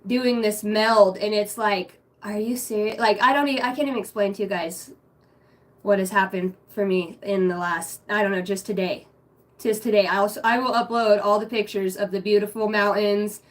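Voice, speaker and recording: Young woman livestreaming, hyped and swearing a lot, laughs loud, goes quiet and low when praying. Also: steady tone, moderate pace. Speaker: spiritual reader streaming live. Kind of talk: casual livestream chat with viewers.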